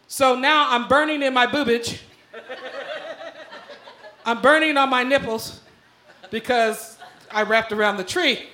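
A woman with a bright, ringing voice tells a comic personal story live on a club stage. She is lively and profane, laughing through her lines and shouting out the punchlines. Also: fairly high pitch. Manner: animated, profane, laughing while telling.

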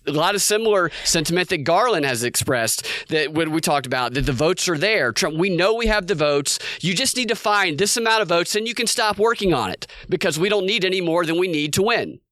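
Man, podcast co-host, casual commentary, bright tense tone, slightly high voice. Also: a little fast, hardly any pauses, no room sound. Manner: animated, quotes others in put-on voices.

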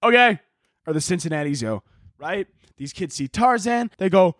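Male podcast host, high and very animated voice, dry close sound, profane exasperated rants. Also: measured pace, no room sound. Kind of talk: ranting comedic monologue.

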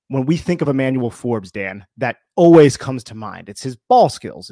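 A man of middle pitch on a sports podcast, methodically breaking down plays with technical football terms. His voice is recorded close and dry, with no room sound. He talks in a casual yet analytical way. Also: darkish tone, dry recording. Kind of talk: casual podcast chat and detailed film breakdown.

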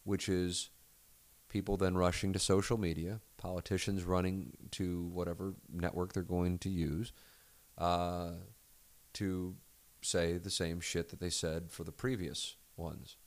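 A man's voice: low voice, flat delivery, a little slow, no echo. A middle-aged American man hosting his own podcast, talking alone in a candid, rambling way with frequent restarts and the odd swear word. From United States. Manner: rambling, candid, self-correcting, profane. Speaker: podcast host. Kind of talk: solo casual monologue.

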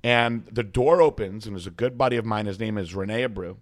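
A man's voice: on the low side, a little fast. A man guest coach telling a story in a casual interview, swearing freely and mimicking others in a raised voice. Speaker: podcast guest, bodybuilding coach.

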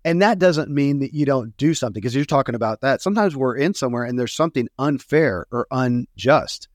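A man's voice: mid-range voice, lively intonation, a little fast, dry recording, studio quality. A man hosting a podcast, talking in an earnest, musing way with frequent restarts. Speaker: podcast host. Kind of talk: casual reflective conversation.

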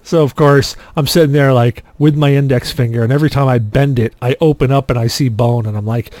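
A man co-hosting a podcast, telling stories in a loose, animated way and acting out what people said. His voice sits at a middle pitch. It sounds dry and close, with no room sound. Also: a little fast, hardly any pauses, dry recording. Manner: animated anecdote-telling, acts out quotes. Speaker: podcast co-host. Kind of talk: casual chat, storytelling.

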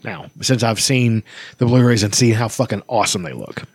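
A man's voice: fairly low pitch, lively intonation, brisk, slightly rough, no echo. Swearing, enthusiastic male podcast host. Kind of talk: casual chat.

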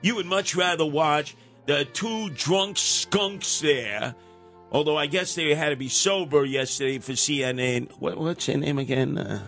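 A man's voice: on the high side, a little slow, fairly bright tone, faint music behind. An older man hosting a radio talk show, rambling and wisecracking as he ribs his younger co-hosts. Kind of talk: casual talk radio banter.

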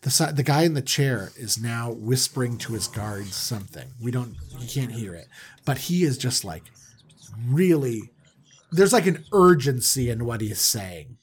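A man retelling a story in a casual, comedic way, animated and rambling. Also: medium pitch, unhurried, slightly rough. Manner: animated, rambling, with many fillers.

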